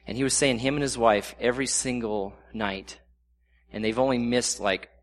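A middle-aged man preaching a sermon in an earnest, conversational way, slowing down to read scripture. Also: medium pitch, slight background noise.

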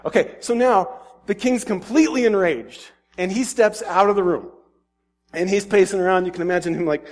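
A man's voice: high voice, normal speed. A man preaching, casually retelling a story and acting out its scenes. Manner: casual, acts out scenes with filler words. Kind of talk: animated sermon storytelling.

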